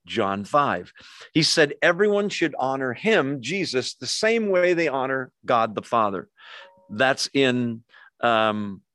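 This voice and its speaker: A male pastor teaching scripture in a relaxed, conversational way, checking in with the audience as he goes. His voice sits in a middle pitch and sounds close and dry, with no room echo. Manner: conversational, asks the audience questions. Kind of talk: sermon teaching.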